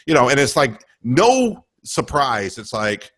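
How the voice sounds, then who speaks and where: A man's voice: mid-range voice, takes it slowly. A man hosting a casual sports talk radio show, rambling and swearing as he rants about his team. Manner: animated, rambling, swearing, breaks into mock voices.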